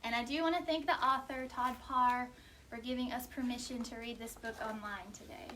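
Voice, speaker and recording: A woman children's librarian reading a picture book aloud at storytime, with an animated, sing-song delivery. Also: on the high side, fairly quick, a little hiss or hum. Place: library storytime recorded at home or library.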